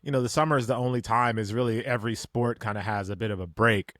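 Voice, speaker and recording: A man's voice: fairly low pitch, fairly even intonation, fast, a bit bright, no room sound, clean studio sound. A middle-aged man co-hosting a podcast in casual chat, joking about himself. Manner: joking, self-deprecating. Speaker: podcast co-host.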